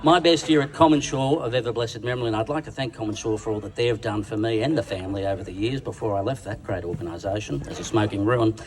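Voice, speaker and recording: An Australian man with a lowish voice talks fast with few pauses, giving a bawdy, crude, self-mocking roast speech on stage at a dinner. The crowd laughs along in a large function room, and the recording is distant, with background noise and a loud audience.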